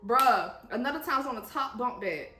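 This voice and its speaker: A woman co-hosting a vlog, telling stories in a casual, animated way, full of swearing and frequent laughter. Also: fairly high pitch, brisk, a little hiss or hum. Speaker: vlog co-host. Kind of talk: casual storytelling. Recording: roomy sound with music behind.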